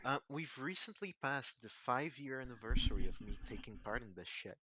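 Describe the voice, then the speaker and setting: A man of twenty making wry deadpan comments as a stream co-host. His pitch moves around a lot. There is clear noise behind his voice. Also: brisk, rough recording.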